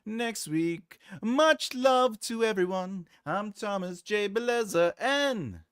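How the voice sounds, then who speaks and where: A man's voice: high voice, animated, takes it slowly, clear, resonant tone, no echo, clean studio sound. A male writing channel host in casual, playful livestream chat, laughing often and trying out cartoon voices.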